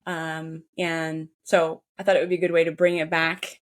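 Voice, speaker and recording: A woman's voice: deep voice, flat delivery, normal speed. A woman co-hosting a podcast in casual chat, bubbly and chatty, joking at her own expense. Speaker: podcast co-host.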